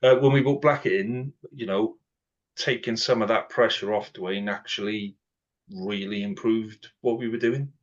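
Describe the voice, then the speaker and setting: A middle-aged man hosting a podcast, telling lively stories and peppering them with "right?" and "you know". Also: lowish voice, moderate pace. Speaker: podcast host. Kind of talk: casual podcast chat. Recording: dull lo-fi audio.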